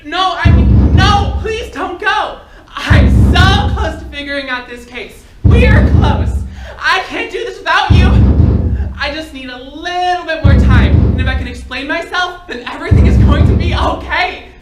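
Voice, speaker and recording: A high-voiced, disgraced young detective, played by a woman begs and pleads, desperation close to the surface. She is caught from far off in a roomy theatre. Loud music plays underneath and the sound is slightly dull. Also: normal speed, hardly any pauses, lightly acted. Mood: desperate. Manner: pleading, rising to near-shouts on the phone. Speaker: stage actor. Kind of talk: live solo stage play. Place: theatre stage. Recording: distant roomy stage recording, dull.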